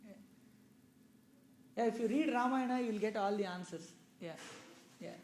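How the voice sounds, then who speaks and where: A man's voice: sits high, normal speed, slight background noise. A man giving a loose, conversational talk on scripture to a small audience, explaining with many asides and checking that listeners follow. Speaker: religious storyteller. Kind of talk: conversational scripture discourse with questions. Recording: echoey room.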